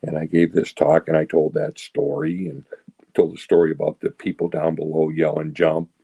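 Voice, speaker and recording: A very low, gravelly man tells his recovery story in a rambling, conversational way. His husky voice sounds dark and dry, close to the mic with no room around it. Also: moderate pace, no echo. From south of Boston, Massachusetts. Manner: rambling, tags lines with "right?" and "you know". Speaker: recovery speaker.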